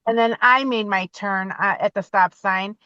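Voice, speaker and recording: A woman in her forties, a podcast guest talking from her car, telling her own story in an animated way and acting out what she said. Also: medium pitch, normal speed, no echo, lo-fi sound.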